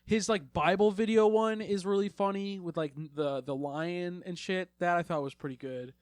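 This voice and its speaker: A man's voice: high-pitched, fairly even intonation, normal speed, dry recording, clean studio sound. A man co-hosting a podcast in loose, rambling casual chat, swearing now and then. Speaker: podcast co-host.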